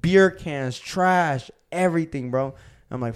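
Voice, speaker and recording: A young man tells wild party stories on a casual podcast, swearing freely and saying "bro" again and again. His voice sits a little high and sounds smooth and clear. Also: unhurried. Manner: profane, animated storyteller, says "bro" a lot. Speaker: podcast co-host. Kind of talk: casual storytelling chat.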